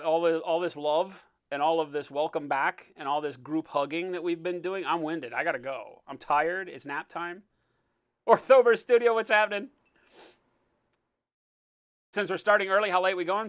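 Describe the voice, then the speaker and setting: A man's voice: high voice, fairly bright tone. A man hosting a live painting stream, chatting casually, joking and greeting viewers by name. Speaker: livestream host, miniature painter.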